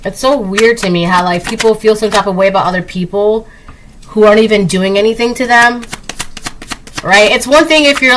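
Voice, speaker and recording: A woman doing a casual spoken tarot reading, chatty, laughing often and acting out quick quoted voices. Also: fairly high pitch, a bit bright, a little hiss or hum, rough recording. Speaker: tarot reader.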